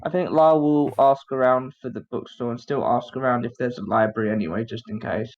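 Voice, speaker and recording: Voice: medium pitch, fairly even intonation, a little fast, muffled recording. A tabletop game player who speaks hesitantly and talks about his character in the third person. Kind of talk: casual chat about his character's moves.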